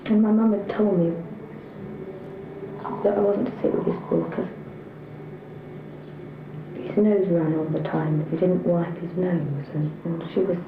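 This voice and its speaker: A woman's voice: fairly low pitch, fairly even intonation, a little slow, pauses often, echoey room, narrow, tinny audio, noisy background. A woman recalling her school days in a plain-spoken, reflective way for a documentary. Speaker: interviewee. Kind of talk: personal documentary recollection.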